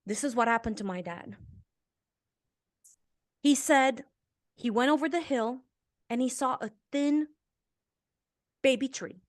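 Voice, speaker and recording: A Romanian woman in her fifties, appearing as a guest author, shares a personal story in an interview. Her slightly high voice is earnest and emotional, rising to intense swells and then dropping to a hush.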